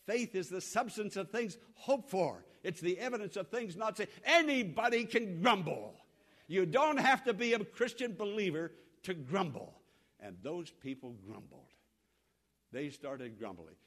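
A man preaching a sermon as pastor, repeating phrases for emphasis and swinging between loud appeals and soft asides. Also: fairly high pitch.

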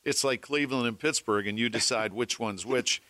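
A middle-aged man, a former weatherman and radio host, telling animated anecdotes among colleagues. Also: medium pitch, a little fast, no room sound. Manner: animated anecdote-telling, acting out phone calls. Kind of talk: casual storytelling among colleagues.

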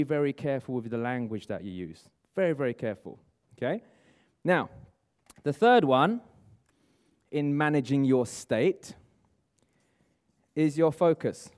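A man giving a lively motivational seminar talk, asking the room and viewers at home questions. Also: mid-range voice. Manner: energetic, coaching, asks the audience questions. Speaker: motivational speaker. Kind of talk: live seminar talk to room and online audience.

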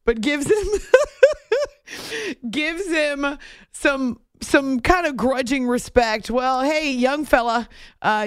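A woman's voice: a little high, smooth, dry recording, clean studio sound. A woman hosting a sports talk segment, chatty and wry, commenting on basketball news. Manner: chatty, wry, laughs between points.

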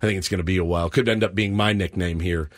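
A man co-hosting a morning sports radio show, telling a self-mocking story in an animated way and acting out the scenes. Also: deep voice, fast.

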